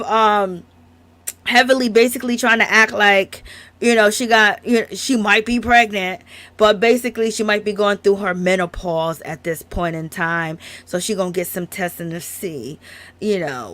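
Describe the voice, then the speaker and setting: A woman's voice: on the high side, a bit bright, dry recording. A woman giving casual, sassy, slangy commentary on a reality show, laughing often.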